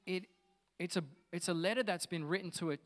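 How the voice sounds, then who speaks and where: A man's voice: high-pitched, steady tone, brisk, big-room sound. A man pastor giving a conversational, enthusiastic sermon to his church.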